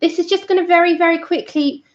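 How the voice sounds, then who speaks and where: A high-pitched woman chats from home as she hosts a live colouring stream. She laughs easily, apologises, and greets viewers by name, a little out of breath. The audio is dull and lo-fi. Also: fairly even intonation, fast talker. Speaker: livestream colouring host. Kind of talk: casual live-stream chat.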